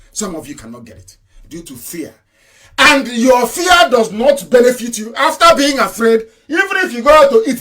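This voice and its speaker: A man with a fairly high, slightly bright voice delivers an impassioned political broadcast as an activist. He speaks emphatically, leaning on rhetorical questions and repetition.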